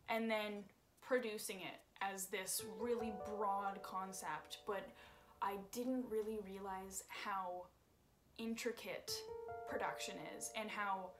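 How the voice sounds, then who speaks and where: A candid young woman talking through her vlog in a casual, self-deprecating tone, her pitch sitting mid-range for a woman. Guitar music plays clearly underneath her voice. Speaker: singer making a single.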